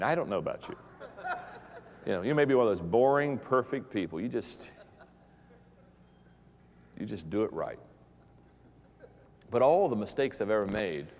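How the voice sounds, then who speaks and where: A middle-aged man, a pastor giving a humorous live talk to an audience, telling stories in an animated, self-mocking way and often repeating words. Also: fairly low pitch, in a large hall. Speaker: pastor and leadership speaker. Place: large hall with an audience.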